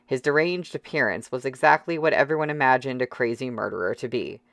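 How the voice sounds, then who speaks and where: An audiobook reader narrating a novel in a measured, steady way. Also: mid-range voice, creaky, no room sound, clean studio sound.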